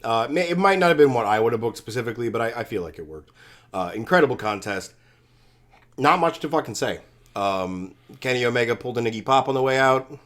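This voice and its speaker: A man's voice: medium pitch, fast talker. A man co-hosting a wrestling podcast, recapping events in casual chat with lots of fillers and some swearing. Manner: animated storyteller, trailing fillers, casual swearing. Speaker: podcast co-host.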